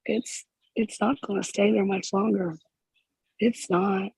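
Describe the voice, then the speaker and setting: A spiritual healer in emotional counseling, close to tears and halting, with phrases repeated again and again. The voice is gravelly and husky, with a mellow, dark tone. The pitch stays flat and even throughout. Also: no room sound, low-quality recording. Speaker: spiritual healer addressing a group member.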